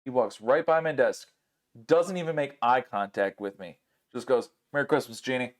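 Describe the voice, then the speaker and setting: A man's voice: mid-range voice, moderate pace. A man hosting a casual podcast chat, telling stories with lots of swearing and acting out the people he quotes. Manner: animated, swears freely, acts out quoted people. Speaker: podcast host.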